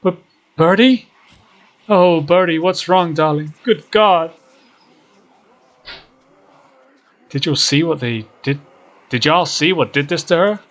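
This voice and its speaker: A man voicing a gruff, protective older man with an American Southern accent, loud and drawling, in a game playthrough. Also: a little high, a little slow, pitched above the performer's own voice. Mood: alarmed.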